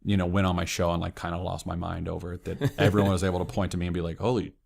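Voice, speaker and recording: A man being interviewed on a podcast, telling stories excitedly and saying "like" a lot. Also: low voice, racing, gravelly. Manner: excitable storyteller, heavy use of "like". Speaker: podcast guest. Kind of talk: casual interview chat.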